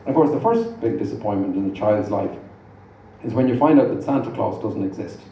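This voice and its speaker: A man's voice: fairly low pitch, animated, fairly quick, dark tone. A middle-aged man performing stand-up comedy, dry and self-deprecating, with rambling asides. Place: large live venue with audience. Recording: echoey hall, distant mic, noisy. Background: audience laughter.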